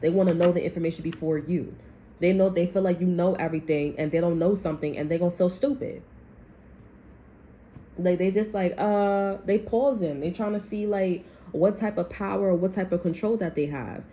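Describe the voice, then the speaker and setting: Woman tarot reader, casual monologue, foul-mouthed and rambling, mellow tone, faint hiss behind. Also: on the low side, moderate pace. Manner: blunt, profane, rambling.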